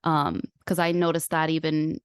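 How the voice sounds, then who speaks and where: A woman's voice: sits low, normal speed, smooth, dry recording, clean studio sound. A woman hosting a podcast, telling personal stories candidly and animatedly, acting out what others said. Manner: open, animated storytelling with quoted voices. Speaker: podcast host.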